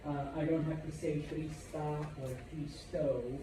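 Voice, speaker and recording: A man's voice: a little high, flat delivery, measured pace, background noise. A male Spanish teacher giving a classroom lesson, explaining patiently and checking in with "okay?" and "all right?".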